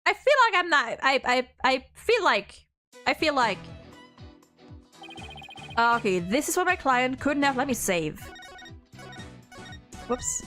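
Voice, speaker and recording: A German woman streams a courtroom game, her voice sitting a little high as she thinks aloud. She stumbles and restarts, then bursts out when an idea strikes. Soft game music plays behind her. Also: slow, pauses often. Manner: thinks aloud, excitable, stumbles over words. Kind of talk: let's-play commentary.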